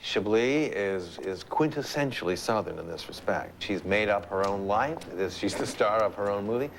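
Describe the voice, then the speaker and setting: A man's voice: on the low side, animated, normal speed, vocal fry, background noise. A man answering interview questions in a thoughtful, slightly hesitant way. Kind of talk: interview talk.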